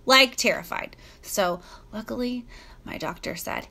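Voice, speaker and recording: A woman's voice: mid-range voice, moderate pace, pushed and bright. A woman casually telling a personal story on a live stream, chatty and a little crude, greeting viewers by name as she goes.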